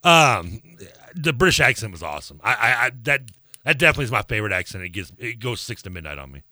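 A man co-hosting a sports radio show in casual banter, rambling and restarting his sentences, quick to laugh. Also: lowish voice, big pitch swings, bright, forceful tone, no room sound. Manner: rambling, self-interrupting, laughs easily.

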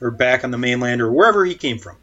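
A man's voice: mid-range voice, expressive, quick pace, a bit bright, highs cut off. A man playing a tabletop game, asking questions in a playful, mock-formal way. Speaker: player. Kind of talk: casual game chat.

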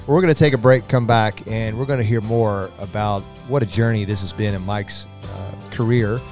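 Upbeat radio host guy, lowish voice, faint music under him. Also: moderate pace. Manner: upbeat, announcer-like. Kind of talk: radio show hosting and ad reads. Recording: soft music bed underneath.

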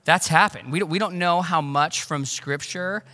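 A man preaching a sermon as pastor, conversational and animated, with casual asides. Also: a little high, normal speed, in a large hall. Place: church.

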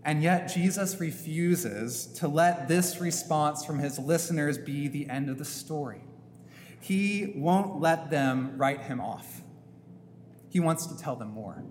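Priest giving a homily, slightly high voice, takes his time, long church echo with faint hum. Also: darkish tone. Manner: slow, emphatic preaching with rhetorical questions. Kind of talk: sermon.

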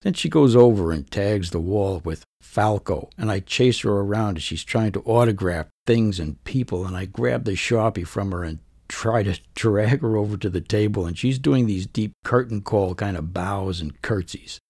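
A middle-aged man narrates a first-person story as a podcast host, wry and conversational. His voice is low, gravelly and husky. The recording is dry and close. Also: normal speed, few pauses, a little mellow, no echo.

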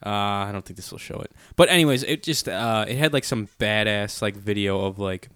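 A young man in casual chat, relaxed and rambling with many filler words. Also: on the low side, brisk, smooth, no room sound.

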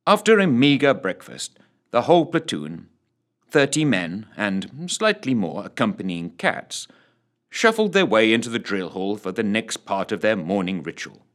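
A man narrating an audiobook in an expressive storytelling manner. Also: mid-range voice, moderate pace.

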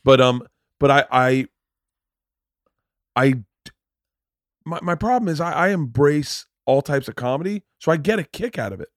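A middle-aged man hosting a podcast in casual chat, telling animated stories with lots of swearing and acted-out quotes. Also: a little high, normal speed, long pauses, dry recording, studio quality. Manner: animated storyteller, swears often, acts out quotes. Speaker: podcast host.

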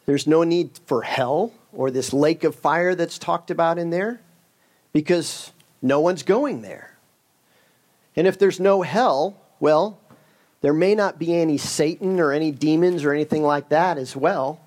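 A man preaching with a higher voice. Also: a little slow, a little mellow. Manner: conversational, storytelling, joking asides. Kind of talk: sermon with a humorous story.

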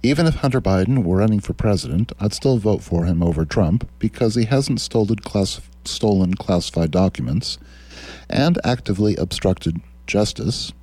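A man's voice: lowish voice, expressive, normal speed, warm tone, husky. A man hosting a radio talk show, reading quotes aloud and answering them with sardonic, mocking political commentary. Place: radio studio.

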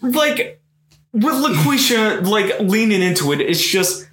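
A man talking on a casual podcast, reading articles aloud and breaking off for profane, sarcastic jabs. His voice sits slightly high, and the recording carries a roomy echo. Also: big pitch swings, unhurried, a bit bright. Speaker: podcast co-host.

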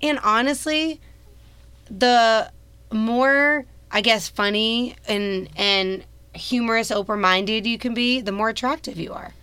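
Casting note: woman podcast co-host, slightly high voice, chatty and giggly. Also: slow pace, sharp tone, smooth, no room sound. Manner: chatty, lots of "like" fillers, laughs easily. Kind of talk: casual chat.

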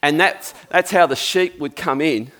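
A man's voice: fairly high pitch, unhurried, fairly bright tone. An Australian man preaching a sermon in a conversational, jokey storytelling manner.

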